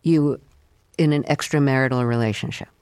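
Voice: mid-range voice, fairly quick, a little mellow, clear, resonant tone. An interviewer asking curious, sympathetic questions.

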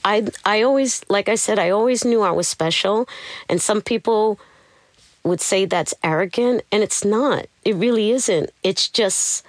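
A woman's voice: mid-range voice, a little slow, no echo. Candid woman recounting her past, dry sound. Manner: candid, animated, tells her story acting out what others said. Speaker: interview guest. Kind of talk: personal storytelling.

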